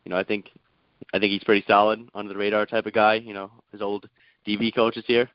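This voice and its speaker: A man's voice: on the low side, little pitch movement, fast, smooth, no echo, lo-fi sound. A man calling in to a sports talk show, speaking hesitantly with lots of fillers and restarts. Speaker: caller. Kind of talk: casual sports call-in chat.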